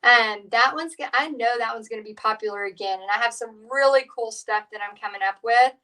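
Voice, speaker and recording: A middle-aged woman talks her viewers through a painting lesson, rambling from one story to the next with plenty of "um" and "you know". Her voice sits a little high for a woman. She sounds a bit back from the microphone. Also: fairly quick, recorded from a distance, poor audio. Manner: chatty, rambling, warm storytelling with fillers. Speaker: painting instructor. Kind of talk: live painting tutorial chat.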